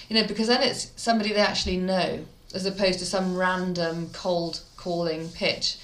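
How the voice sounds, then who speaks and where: Midlands woman, PR guest, lively chatty storyteller, roomy sound. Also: mid-range voice, moderate pace. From English Midlands. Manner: chatty, animated storyteller, laughs often. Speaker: PR expert guest. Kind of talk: casual interview talk.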